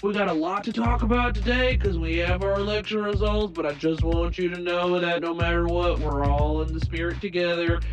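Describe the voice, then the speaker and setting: A woman voicing a folksy male high school principal, drawling through announcements. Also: steady tone, brisk, hardly any pauses, over music, close to an everyday voice. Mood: chummy.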